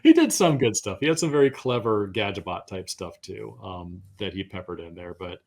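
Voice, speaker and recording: A middle-aged man talks through old work stories in a slightly low voice. He rambles casually, pokes fun at himself, and now and then trips over his own words as he goes. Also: sing-song, moderate pace. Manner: rambling storyteller, self-deprecating, trips on words. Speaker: game designer guest. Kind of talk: casual interview chat.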